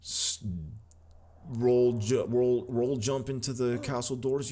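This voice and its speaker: A man's voice: mid-range voice, level tone, takes it slowly, dark tone. A man giving casual, slangy, rambling commentary while playing a video game. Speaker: gaming video host. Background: video game music.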